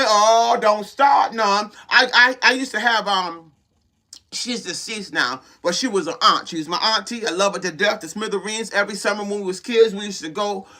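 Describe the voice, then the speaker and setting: High, bright-voiced fervent preacher man. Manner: fervent, repetitive exhortations with call-outs to listeners. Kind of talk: sermon.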